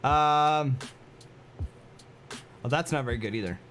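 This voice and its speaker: Male game streamer, voice sits a bit high, off-the-cuff chat with chat, repeats himself, music bed audible. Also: slow pace, fairly bright tone. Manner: rambling, reacts to chat with fillers and repeats. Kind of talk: casual livestream chat.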